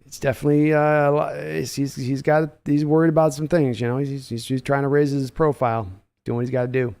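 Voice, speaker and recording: A man's voice: mid-range voice, level tone, a little fast, vocal fry, darkish tone. Man reading viewer comments on a live podcast. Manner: reads viewer comments aloud and answers them offhand. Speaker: podcast host. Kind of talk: casual live-stream chat.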